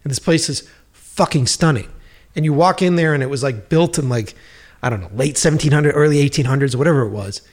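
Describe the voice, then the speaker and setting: A man in a relaxed chat recounts making his films. His voice sits a little high, and he swears freely while playing out the conversations he remembers. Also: a little fast. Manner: profane, animated storyteller acting out quoted dialogue. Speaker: filmmaker guest. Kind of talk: casual storytelling chat.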